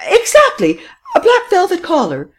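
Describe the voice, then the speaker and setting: A woman voicing a frantic, breathless society lady who shrieks and weeps in a high, strained voice. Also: big pitch swings, normal speed. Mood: insistent.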